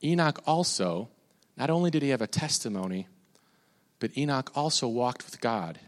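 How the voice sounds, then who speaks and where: A man's voice: medium pitch, expressive, moderate pace. A man preaching a casual, conversational sermon, stumbling over repeated words and moving into prayer. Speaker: pastor. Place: church hall. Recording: long reverb of a hall.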